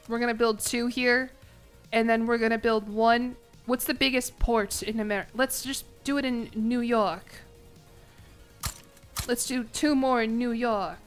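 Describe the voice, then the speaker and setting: A young woman with a slightly high, fairly bright voice streams a strategy game. She chats casually with her viewers, sarcastic and swearing freely.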